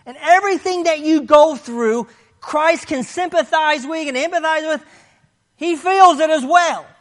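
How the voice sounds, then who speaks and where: Brief: high-pitched pastor, emphatic sermon delivery, long reverb of a big church hall. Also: unhurried. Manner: emphatic, swings from loud declarations to hushed low passages; reads scripture aloud between points.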